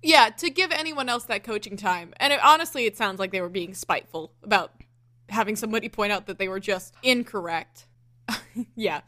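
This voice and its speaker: A woman's voice: medium pitch, fairly quick, pushed and bright, no room sound. A woman singer co-hosting a casual chat, enthusiastic and laughing often. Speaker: singer and co-host.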